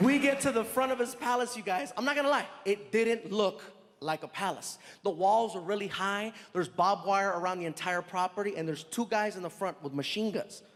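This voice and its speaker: High-voiced animated man on stage. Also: a little fast, some chatter behind. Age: 30s. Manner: animated, jumps into loud voices for characters. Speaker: stand-up comedian. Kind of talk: stand-up comedy storytelling. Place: stage in a large venue. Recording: reverberant venue, faint noise.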